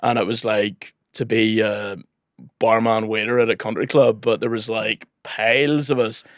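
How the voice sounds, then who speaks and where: A man's voice: on the low side, little pitch movement, normal speed, no echo, studio quality. A young man, a comedian guest, chatting casually and laughing often as he tells a story.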